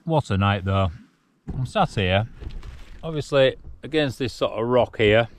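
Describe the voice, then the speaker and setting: Relaxed man in his forties outdoors. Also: mid-range voice, a little slow. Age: 40s. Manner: relaxed, reflective, chuckling now and then. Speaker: solo wild camping vlogger. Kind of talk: casual chat to camera. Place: outdoors on a cold mountain at night.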